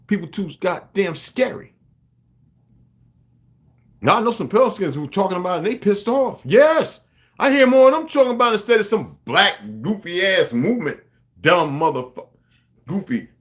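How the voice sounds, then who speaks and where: A man's voice: high-pitched, big pitch swings, moderate pace, pauses often. A man ranting on a livestream to his viewers, emphatic and profane, rambling and greeting chat viewers by name. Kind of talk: unscripted livestream rant.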